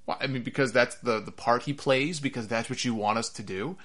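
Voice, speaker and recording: A man giving opinionated solo commentary on wrestling, animated and sarcastic, repeating himself for emphasis. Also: a little fast. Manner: animated, rises in pitch when worked up.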